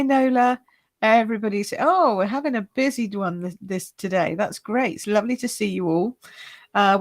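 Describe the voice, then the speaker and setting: A woman runs a live card-making lesson in a cheerful, chatty way. She greets viewers by name as she holds up her cards and explains how simple they are to make. Her voice sits at an ordinary pitch for a woman. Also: dry recording. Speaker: card-making instructor hosting a live stream. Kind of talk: chatty live-stream craft demonstration.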